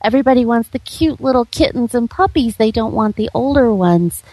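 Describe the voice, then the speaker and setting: A woman's voice: fairly high pitch, lively intonation, brisk, dark tone, no room sound, poor audio. A woman hosting an interview, affirming her guest and sharing her own feelings. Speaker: host.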